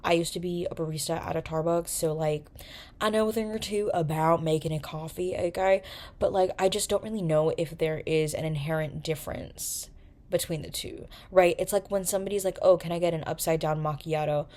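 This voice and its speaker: A woman's voice: lowish voice, steady tone, a little fast, darkish tone. A young woman hosting a podcast, talking in a chatty way with lots of fillers and emphatic rising questions. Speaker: podcast host. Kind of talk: casual chat.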